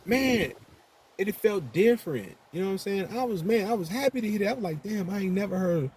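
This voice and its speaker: Laid-back Chicago man, mellow voice. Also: high voice, lively intonation, fairly quick, a little hiss or hum, poor audio. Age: older adult. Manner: laid-back, slangy, repeats "you know what I'm saying". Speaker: vlogger. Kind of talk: casual monologue to camera.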